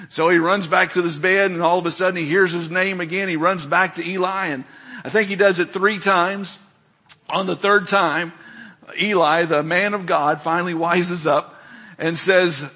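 A man's voice: high voice, fairly even intonation, moderate pace, pushed and bright. A middle-aged man preaching a sermon as a pastor, telling stories with emphasis and asking the congregation questions.

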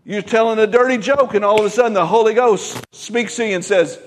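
A man preaching a Pentecostal sermon, emphatic, swinging from loud exclamations to quiet asides. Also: sits high, brisk, in a large hall, slight background noise. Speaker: pastor.

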